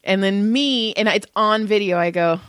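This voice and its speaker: A woman's voice: medium pitch, moderate pace, smooth, dry recording. A middle-aged woman co-hosting a podcast, telling family stories in casual chat, acting out voices and swearing freely. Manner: animated storytelling, acts out voices, swears. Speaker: podcast co-host.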